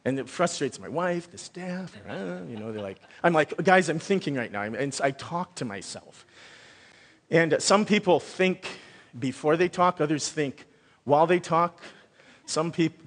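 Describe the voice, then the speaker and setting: A man preaching a Sunday sermon as pastor, talking in a loose, conversational way with many restarts. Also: on the high side. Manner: conversational, animated, thinks out loud with restarts. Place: church sanctuary. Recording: long reverb of a large hall.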